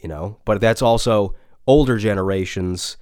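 A man, a voice actor and podcast co-host, telling an animated, rambling story with some swearing in casual chat. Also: lowish voice, moderate pace, clean tone, dry recording, clean studio sound.

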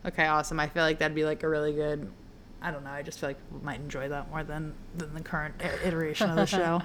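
A woman's voice: low voice, little pitch movement, fast, a bit bright, slight background noise. A woman co-hosting a podcast, chatting casually and musing aloud with many fillers. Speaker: podcast co-host. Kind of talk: casual chat.

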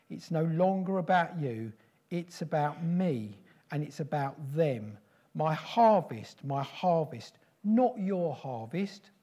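Male preacher, prophetic sermon, solemn repetitive delivery, warm tone. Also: a little high. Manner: slow, solemn, repetitive declarations.

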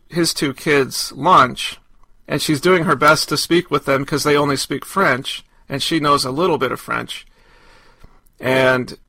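A man's voice: on the high side, bright, forceful tone, no echo. A man co-hosting a podcast, chatting casually and enthusiastically about a film, with frequent restarts. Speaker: podcast co-host. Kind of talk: casual chat.

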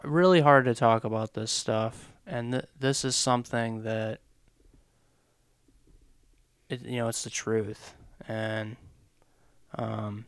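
A man telling his own story candidly, hesitant and reflective, often pausing on fillers. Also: mid-range voice, clean tone, no echo, studio quality. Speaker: podcast co-host, father sharing his story.

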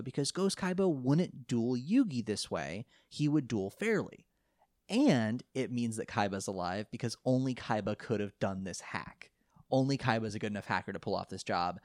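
A man casually recapping an anime episode, rambling and animated, often laughing and quoting the characters. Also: mid-range voice, normal speed, dry recording, clean studio sound. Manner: rambling, animated retelling with laughs and quoted lines. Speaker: podcast co-host recapping an anime. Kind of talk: casual chat.

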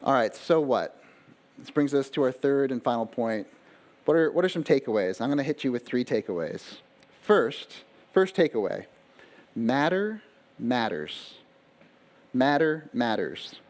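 A man preaching a sermon at a middle pitch, talking casually to his listeners. He checks in with them often, repeats a phrase to stress it, and shifts between slow, weighty phrases and quick asides. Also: expressive, a little mellow. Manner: conversational preaching with frequent rhetorical questions. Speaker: pastor.

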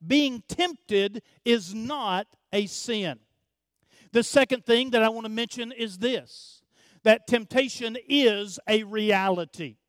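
A man's voice: high voice, a bit bright, dry recording. A male pastor preaching a sermon, emphatic and repetitive, speaking directly to his congregation.

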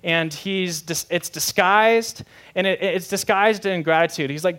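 A young man preaching a sermon in a lively, conversational way, often asking the audience questions. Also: high voice, unhurried. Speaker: pastor.

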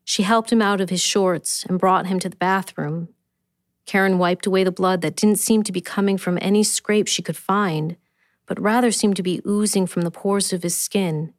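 A woman, the author, reading her own short story aloud in a steady, measured way. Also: mid-range voice, no echo, studio quality. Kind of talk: scripted narration.

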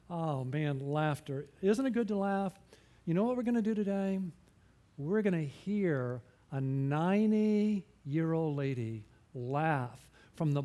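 High-voiced man preaching a chatty sermon. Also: darkish tone. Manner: conversational, asks the congregation many questions; self-deprecating humor. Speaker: pastor.

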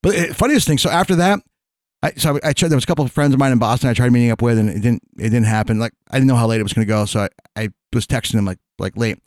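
A man's voice: mid-range voice, very fast, darkish tone, dry recording, clean studio sound. A man in casual chat, telling long rambling stories full of fillers and restarts, laughing as he goes. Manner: rambling storyteller, many fillers and restarts, laughs mid-sentence.

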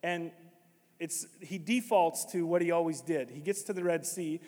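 A man preaching a sermon as pastor, swinging from quiet, conversational stretches to sudden loud, emphatic shouts. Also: fairly high pitch, normal speed, in a large hall.

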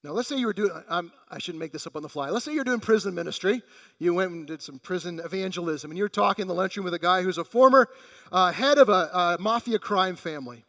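A man's voice: high-pitched, expressive, fast talker, bright, forceful tone, in a large hall. A man preaching a sermon in a conversational way, acting out the quoted voices in the passage. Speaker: pastor.

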